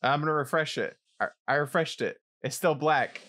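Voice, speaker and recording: A man co-hosting a casual podcast, excitable and jumpy, swinging from mumbles to yelps. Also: on the high side, normal speed. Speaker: podcast co-host. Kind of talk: casual chat.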